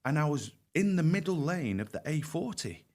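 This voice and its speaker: A man's voice: on the high side, sing-song, a little mellow. A middle-aged man, a podcast guest, telling his own story candidly with frequent restarts. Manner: frank, halting with restarts, vivid first-person telling. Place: podcast interview.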